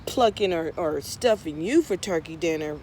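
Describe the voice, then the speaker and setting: A woman voicing a kind spirit ghost who comforts a scared turkey and rushes to hatch plans in a told story. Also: low-pitched, expressive, darkish tone, a little hiss or hum, pitched below the performer's own voice. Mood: reassuring. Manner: soothing, then hurried planning. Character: kindly spirit ghost, reassuring and scheming.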